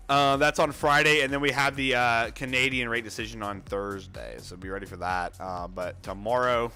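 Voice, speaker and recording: A bright-voiced man hosts a trading livestream, rattling off viewer names with bursts of excitement. He sounds winded, as if out of breath. Faint music plays behind him. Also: mid-range voice. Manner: energetic, reads viewer names rapidly, excitable outbursts. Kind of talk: casual livestream chat.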